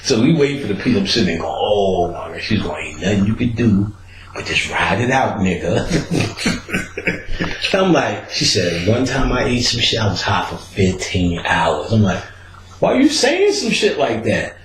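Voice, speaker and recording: Casting note: podcast host, male, animated storyteller, roomy echoey sound. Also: normal speed, a little hiss or hum. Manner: animated, acts out quotes with big pitch jumps and laughter. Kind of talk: casual storytelling.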